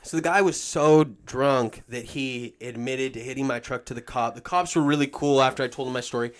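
A man telling a long story in casual, profane talk, acting out what people said with big swings in voice. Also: brisk. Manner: animated, acts out quotes with swings in pitch and volume. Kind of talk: casual storytelling with heavy swearing.

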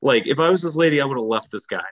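A man chatting casually on a podcast, crude and animated as he tells it. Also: mid-range voice, very fast. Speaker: podcast co-host. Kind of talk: casual chat. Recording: dull lo-fi mic.

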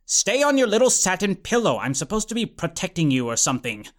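A man's voice: high-pitched, very animated, a little fast. A man voicing a clueless, easygoing would-be professor who talks in an offhand, rambling way. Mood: annoyed. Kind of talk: audiobook character voice.

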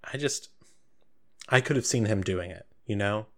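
A man's voice: fairly low pitch, moderate pace, lightly acted. A man voicing a wary ex-hunter woman. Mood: confiding. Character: wary flirtatious woman, former monster hunter.

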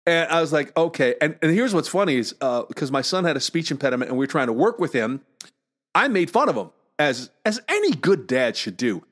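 A man's voice: on the high side, sing-song, fairly quick, a bit bright. Chatty middle-aged man hosting a podcast. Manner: chatty storytelling, many fillers and restarts. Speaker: podcast host. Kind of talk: casual solo podcast monologue.

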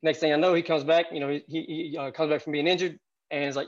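A man's voice: on the high side, steady tone, very fast. Chatty thirties man, dull audio. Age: 30s. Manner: chatty, rambling, lots of fillers. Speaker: guest. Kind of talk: casual podcast storytelling.

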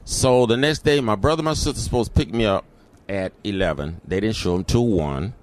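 Middle-aged man, interview guest, animated storyteller, lowish voice. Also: fairly quick.

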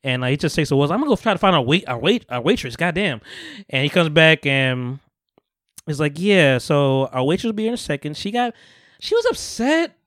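A man's voice: fairly high pitch, animated, a little fast, a bit bright, no echo. A man hosting a podcast, casually retelling film scenes and acting out the quotes with lots of laughter. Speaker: podcast host. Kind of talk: casual chat.

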